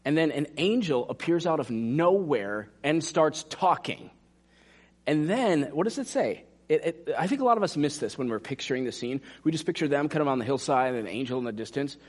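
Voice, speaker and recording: A man preaches to his congregation, his voice leaping up and down with lively expression. He talks straight to the listeners, then drops to hushed asides for emphasis. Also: a little high, a little fast. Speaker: pastor. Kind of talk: sermon.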